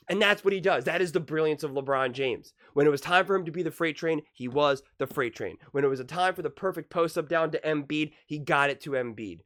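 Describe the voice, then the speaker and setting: A man giving casual, excitable basketball commentary, emphatic and repeating himself, his voice sore from screaming. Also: fairly high pitch, quick pace, hardly any pauses.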